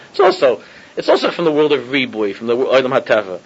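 Male rabbi, informal Torah class, husky, halting and chuckling, muffled lo-fi sound. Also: medium pitch, wildly swooping pitch. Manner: mixes Hebrew and Yiddish terms, repeats himself, chuckles often. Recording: dull lo-fi recording.

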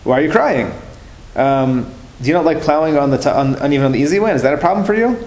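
A man's voice: a little high, lively intonation, quick pace, a little mellow. A man voicing a wealthy older father who asks questions in disbelief, in a story told to a class. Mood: puzzled. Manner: incredulous questioning. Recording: roomy room with faint noise.

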